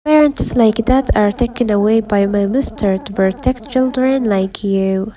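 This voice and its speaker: A woman's voice: mid-range voice, a little slow, mellow, rough recording. A woman narrating the story of a game in a plain retelling style, voicing the characters' lines herself. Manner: plain retelling with quoted dialogue. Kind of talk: storytelling over gameplay.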